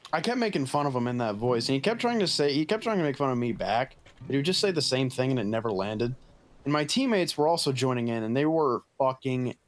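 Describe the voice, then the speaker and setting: Young male podcast co-host, lively pitch, foul-mouthed storyteller. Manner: profane, animated storytelling. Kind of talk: casual gaming podcast chat.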